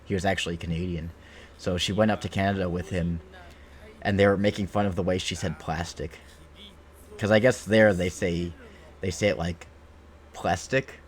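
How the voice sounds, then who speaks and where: Deep-voiced Midwestern man streaming casually. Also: fairly even intonation, moderate pace, pauses often. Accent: Midwestern American, Ohio-leaning. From Illinois, USA. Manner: rambling, filler-heavy, easygoing. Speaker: game streamer. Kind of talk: casual chat while streaming.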